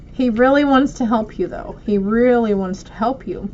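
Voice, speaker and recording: A woman's voice: on the high side, darkish tone, a little hiss or hum. Chatty woman reading oracle cards. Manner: affectionate, speaks straight to viewers. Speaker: oracle card reader. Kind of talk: casual spiritual card reading. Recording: dull lo-fi audio.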